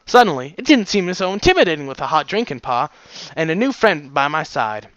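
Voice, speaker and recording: A man's voice: a little high, sing-song, unhurried, sharp tone, no room sound. A man reading fan fiction aloud in a goofy, self-mocking way, joking between chapters. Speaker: amateur audiobook reader.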